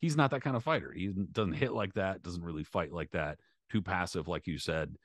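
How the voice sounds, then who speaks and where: A man's voice: sits low, fairly quick, no room sound, studio quality. A man co-hosting a boxing podcast, talking loosely with lots of swearing and filler words. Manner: loose, profane, many fillers. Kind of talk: casual chat.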